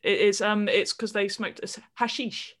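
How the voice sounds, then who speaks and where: Animated woman podcast host. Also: medium pitch, measured pace. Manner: animated, enthusiastic explaining. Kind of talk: casual podcast chat.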